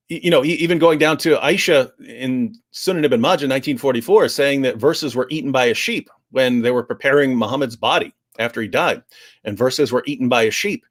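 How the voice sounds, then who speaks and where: A man giving an animated explanation on a livestream discussion, restarting sentences often and acting out quoted speech. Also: mid-range voice. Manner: frequent restarts, acts out quotes.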